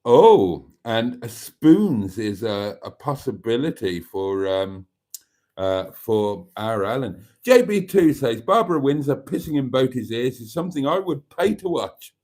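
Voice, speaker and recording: A man's voice: medium pitch, big pitch swings, measured pace, a little mellow. Wry man hosting a live chat. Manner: wry, self-mocking asides. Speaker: channel host. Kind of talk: live stream chat, reading viewer comments.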